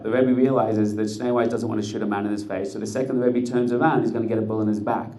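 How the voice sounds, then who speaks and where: A man's voice: lowish voice, steady tone, fast, few pauses, dark tone. Man telling a story with intense suspense. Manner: intense, building suspense in short punchy phrases. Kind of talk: dramatic storytelling.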